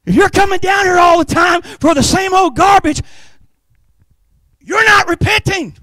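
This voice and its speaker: A man preaching a Pentecostal sermon in church, swinging from hushed asides to impassioned shouted peaks. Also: very high voice, moderate pace, pauses often, no room sound. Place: church sanctuary.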